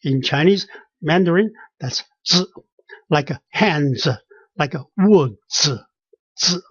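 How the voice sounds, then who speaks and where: Pronunciation teacher, very slow, halting with fillers, repeats each sound, slightly husky, dull lo-fi recording. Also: medium pitch, no echo. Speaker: language teacher. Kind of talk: pronunciation lesson.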